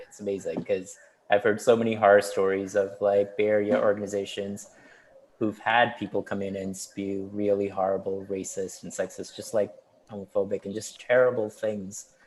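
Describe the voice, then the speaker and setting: Man, low pitch, rambling, laughing, video call chat. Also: normal speed, a little hiss or hum. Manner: relaxed, rambling, laughs often. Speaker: festival organizer.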